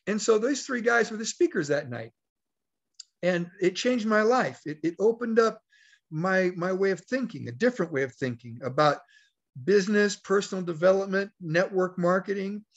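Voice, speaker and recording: A man's voice: high-pitched, lively intonation, normal speed. Man telling a motivational story. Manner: folksy storyteller, acts out quoted dialogue. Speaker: network marketing leader. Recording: dull, lo-fi call audio.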